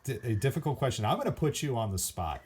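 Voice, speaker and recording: A man's voice: medium pitch, very animated, fast talker, noisy background. A man from the United States hosting an interview, chatting casually and telling rambling anecdotes with frequent restarts.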